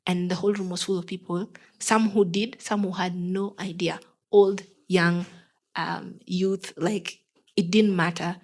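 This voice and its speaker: Young Kenyan woman, guest singer. Relaxed interview chat in a Kenyan accent, animated and expressive, acts out the people in her stories. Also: lowish voice, measured pace, low-quality recording. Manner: lively storyteller who acts out the people she quotes.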